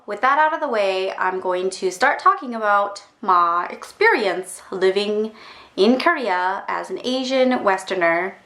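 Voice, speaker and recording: A young woman from Canada telling a casual storytime rant to camera, chatty and quick to act out other people's reactions. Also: a bit bright, reverberant. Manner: chatty, acts out quoted reactions in a higher voice. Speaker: vlogger.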